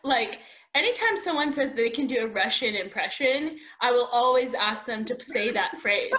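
A woman's voice: on the high side, expressive, moderate pace, heavy background noise. A woman co-hosting a casual podcast, giggly and rambling with many fillers. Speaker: podcast co-host.

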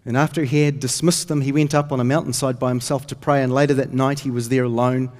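A man's voice: mid-range voice, little pitch movement, fast talker, a little mellow. Earnest man preaching in echoing hall. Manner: earnest storytelling, rises when reading scripture. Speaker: pastor. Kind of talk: sermon. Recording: long hall reverb.

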